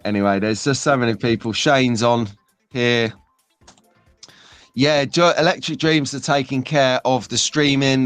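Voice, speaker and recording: A man's voice: medium pitch, smooth, dry recording. Male host, bantering live-stream chat, dry close sound, faint music behind. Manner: jokey, bantering, laughs often.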